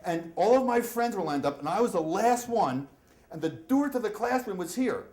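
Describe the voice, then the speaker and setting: A middle-aged man telling a story live on stage, acting out shouts and voices as he goes. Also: high voice, moderate pace. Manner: animated, acts out shouts and voices. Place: storytelling event venue. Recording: echoey room, faint ambience.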